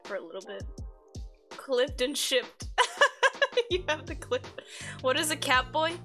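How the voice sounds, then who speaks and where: A woman's voice: high-pitched, lively intonation, unhurried, pushed and bright. A woman live streamer in casual chat, reading her chat aloud, swearing freely and giggling often. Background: faint background music.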